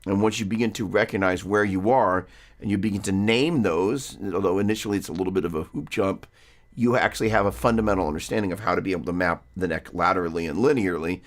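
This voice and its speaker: A deep-voiced man talks fast while hosting a casual live-stream guitar lesson. He's rambling and chatty, interrupting himself mid-sentence to greet viewers.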